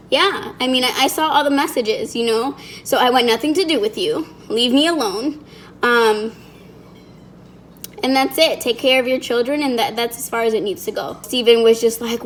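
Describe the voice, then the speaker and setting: A young woman vlogger telling a personal story in a casual, animated way and acting out what others said. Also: a little high, moderate pace, slight background noise, low-quality recording. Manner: animated, acts out quotes of others.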